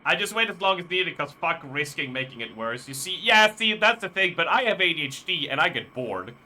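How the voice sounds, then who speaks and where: Bright-voiced man rambling on stream. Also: on the high side, sing-song, a little fast. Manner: rambling, profane storytelling. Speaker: live streamer. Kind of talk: casual live-stream chat.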